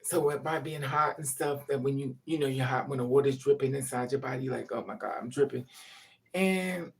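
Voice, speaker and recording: A woman's voice: extremely low pitch, brisk. A woman vlogger telling a rambling, profane story in casual chat to her viewers.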